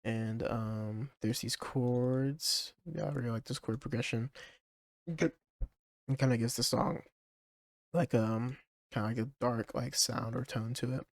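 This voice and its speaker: A male music producer casually talking through a song project, hesitant and full of fillers, with his track playing clearly underneath. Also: mid-range voice, unhurried. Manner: hesitant, full of ums and likes.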